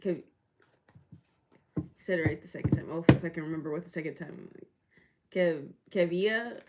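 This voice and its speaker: A woman's voice: low-pitched, flat delivery, fairly quick, background noise. A woman hosting a casual livestream of readings, chatty and laughing often, greeting viewers by name. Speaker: livestream tarot reader and host.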